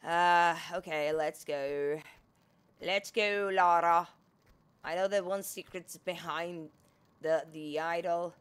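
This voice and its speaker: A woman's voice: lowish voice, fairly even intonation, takes it slowly, smooth. A woman giving casual, chatty gameplay commentary, talking to the on-screen character and swearing freely. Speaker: gaming streamer.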